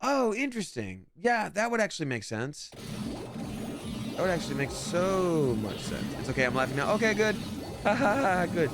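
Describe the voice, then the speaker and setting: A man's voice: fairly high pitch, big pitch swings, moderate pace. A man streaming live while he plays a game, chatting casually and upbeat, using slang and apologizing often. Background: loud game music.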